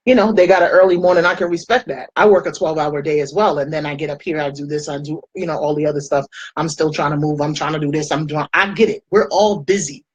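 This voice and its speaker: A young American woman talks through her makeup routine in a casual vlog, sliding into chatty stories and acted-out quotes. Her voice sits low with a slightly husky grain, and the sound is dry and close with little room echo. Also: fast, hardly any pauses, highs cut off. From United States. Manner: chatty storytelling, animated quoted voices, frequent laughs. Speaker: makeup vlogger. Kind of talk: casual chat while doing makeup.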